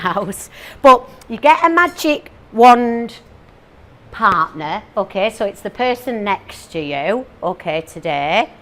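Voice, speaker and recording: A woman's voice: fairly low pitch, fairly bright tone, slight background noise. Northern woman in her 40s doing a jokey motivational talk, teasing the crowd, lots of asides. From northern England. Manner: chatty, playful, teasing the audience with questions and asides. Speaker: motivational speaker. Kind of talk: comic motivational talk to a live audience.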